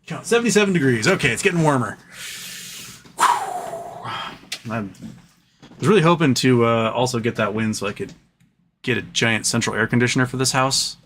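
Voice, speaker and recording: A man's voice: mid-range voice, fairly quick, long pauses, slight background noise. Fed-up man venting on a livestream. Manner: frustrated, animated, swearing, stumbling restarts. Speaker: livestream host. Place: home office.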